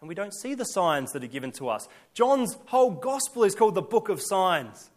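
A man's voice: high-pitched, big pitch swings, fairly quick. A male pastor preaching a sermon, emphatic, building his points through repeated lists and rhetorical questions.

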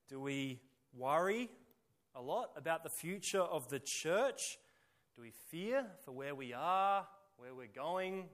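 A man preaching a sermon emphatically, piling up rhetorical questions and repeated phrases and moving between loud bursts and quiet, dropped endings. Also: mid-range voice.

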